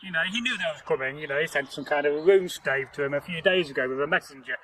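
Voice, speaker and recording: Guy telling a folk story outside, highish voice, chatty and jokey, lots of you knows. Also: quick pace, a bit bright, poor audio. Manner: chatty and jokey, with frequent "you know" asides and chuckles. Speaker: storyteller host. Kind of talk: rambling casual folktale telling. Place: outdoors in nature.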